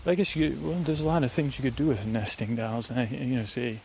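A man's voice: mid-range voice, fairly even intonation, fairly quick, vocal fry, darkish tone, slight background noise. A tired man hosting a podcast, musing in a meandering way while he walks outdoors in the woods. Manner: meandering, musing, full of fillers. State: tired and dehydrated. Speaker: podcast host. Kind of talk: rambling sleep-podcast monologue. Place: outdoors on a woodland walk.

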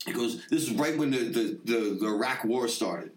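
A man's voice: mid-range voice, normal speed, recorded from a distance, a little hiss or hum. Profane, laid-back man in his forties. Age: 40s. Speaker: podcast host. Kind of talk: casual storytelling chat. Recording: roomy, off-mic sound.

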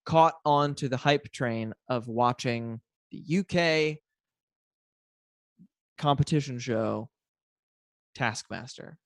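A man's voice: medium pitch, slow, pauses often, dry recording, studio quality. Enthusiastic man chatting on a podcast. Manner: enthusiastic, trailing restarts. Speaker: podcast co-host. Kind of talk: casual chat.

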